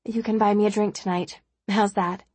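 A woman voicing a relaxed, friendly woman colleague in a storybook reading, offhand in manner. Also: mid-range voice, moderate pace, slightly rough, no room sound, natural voice.

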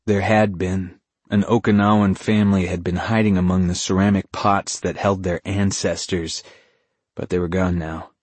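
A man reading a novel aloud in measured, scripted narration. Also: low voice, darkish tone, no room sound. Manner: measured storytelling. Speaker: audiobook narrator.

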